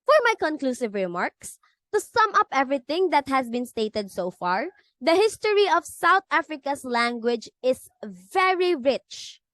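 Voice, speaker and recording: A woman's voice: high voice, big pitch swings, measured pace, fairly bright tone, no room sound. A woman reading a class lecture presentation from a script, stumbling now and then and restarting her sentences. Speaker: student presenter.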